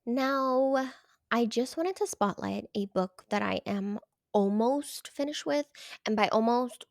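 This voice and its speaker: A young woman book vlogger chatting casually and gushing about her reads, her voice a little rough from being sick. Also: fairly high pitch, measured pace, no echo, studio quality. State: sick, hoarse voice. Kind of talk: casual chat.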